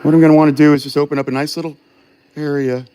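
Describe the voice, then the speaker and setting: A man's voice: a little high, flat delivery, rapid-fire, dark tone, smooth. A man chatting casually and cursing as he demonstrates glassblowing live to viewers. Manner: rambling, profane, self-distracted. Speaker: glassblowing livestreamer.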